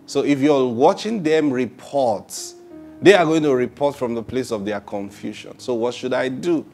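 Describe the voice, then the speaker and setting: Gravelly low-voiced male preacher. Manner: laughs often, repeats "Praise God", asks rhetorical questions; swings from loud bursts to hushed, drawn-out phrases. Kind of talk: sermon.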